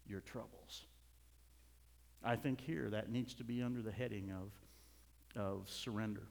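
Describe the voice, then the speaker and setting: Fervent preacher in an echoey hall. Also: male voice, lowish voice, fairly even intonation, measured pace, gravelly, long pauses. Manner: swings from soft asides to loud fervent outbursts. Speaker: pastor. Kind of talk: sermon. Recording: reverberant hall.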